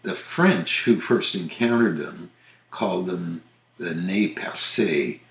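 A man from the United States hosting a podcast, casually explaining things in a measured way and spelling words out letter by letter. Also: sits low, creaky, echoey room. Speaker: podcast host on English usage.

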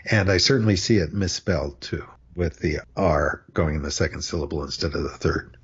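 An older American man explaining word usage in a measured, dryly witty way in a casual podcast chat. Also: a bass voice, breathy edge. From United States. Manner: measured, dry wit, explanatory. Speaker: language expert, co-host. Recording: dull lo-fi sound.

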